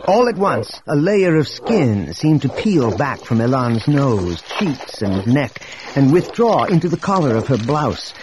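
A man narrating an audiobook in a steady, expressive reading. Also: mid-range voice, a little slow, background noise. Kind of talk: scripted narration.

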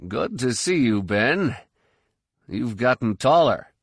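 A man voicing a mild, friendly middle-aged scientist in an audiobook, a bit higher than his narration. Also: very animated, takes it slowly, breathy edge, dry recording, studio quality, exaggerated voice. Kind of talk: audiobook character voice.

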